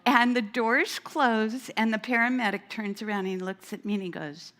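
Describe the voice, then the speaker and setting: A woman who worked as a school administrator, telling a lively story at a church event and voicing the people in it, including a small child. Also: a little high, moderate pace. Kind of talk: storytelling talk at a women's event. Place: church hall.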